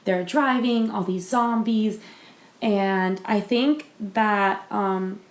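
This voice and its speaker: A woman's voice: mid-range voice, drawn-out words. A woman co-hosting a podcast in casual chat, talking loosely with many fillers and restarts. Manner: chatty, lots of fillers and restarts. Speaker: podcast co-host. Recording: roomy echo.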